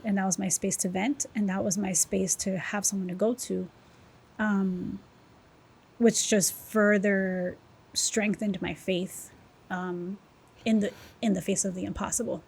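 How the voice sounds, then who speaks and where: A woman's voice: mid-range voice, slightly rough. Woman, podcast guest, candid, emotional, personal testimony. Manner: candid, emotional, animated storytelling.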